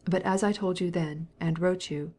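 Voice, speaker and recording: A woman's voice: lowish voice, steady tone, normal speed, warm tone. A woman voicing a cold, formal, resentful middle-aged husband in an audiobook, speaking in a clipped, cold way.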